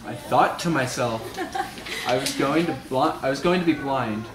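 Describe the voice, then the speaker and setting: A man's voice: medium pitch, moderate pace, crowd noise. A male student presenter reading a humorous story aloud, slipping into voices for quoted lines. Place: classroom. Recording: echoey classroom with loud noise.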